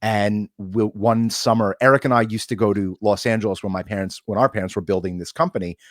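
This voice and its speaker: A man from the United States co-hosting an interview, telling stories in a lively way. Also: on the low side, a little fast, dry recording, clean studio sound. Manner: lively storyteller. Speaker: co-host. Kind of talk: casual interview talk.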